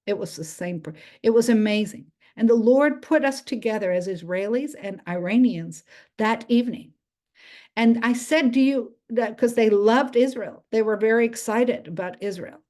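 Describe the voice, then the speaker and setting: A woman with as her telling a faith story in English, halting and restarting as she acts out the voices of others. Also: fairly high pitch, a little mellow. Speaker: speaker sharing a testimony. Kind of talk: spoken testimony.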